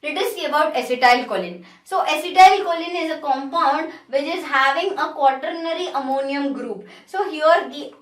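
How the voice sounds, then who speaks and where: Captured on a distant mic in an echoey room, this pharmacology lecturer speaks with an Indian English accent, working through the material step by step and repeating herself often. Her voice sits high, with a moderate pace and few pauses.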